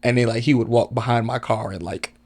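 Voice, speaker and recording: Chicago guest DJ, male, mid-range voice, lively anecdotes with acted-out quotes. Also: mid-range voice, fairly quick. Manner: animated, acts out quotes. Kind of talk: casual storytelling.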